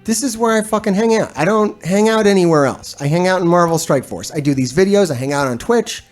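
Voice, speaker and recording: A male streamer talks straight to his live chat in a loose, rambling rant. He swears freely and sounds fed up, laughing now and then as he restarts his sentences. Soft music plays faintly underneath. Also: high-pitched, animated, brisk. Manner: profane, blunt and exasperated, with frequent laughs. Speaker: gaming streamer and video host. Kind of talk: casual ranting commentary to a live chat.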